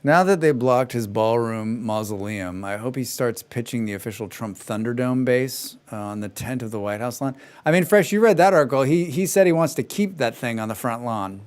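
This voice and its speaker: A male streamer talks casually while he plays a game. His voice sits at a mid pitch, and he keeps up a running stream of sarcastic jokes and offhand remarks. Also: lively intonation, normal speed, hardly any pauses. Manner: sarcastic, joking asides. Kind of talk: casual chat during a gameplay livestream.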